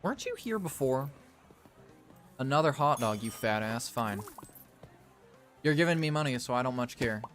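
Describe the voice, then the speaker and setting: A man's voice: medium pitch, normal speed, pauses often, a bit bright, faint music behind. A man playing a game and commenting as he goes, theatrical and exasperated as he scolds the characters. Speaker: gaming video creator.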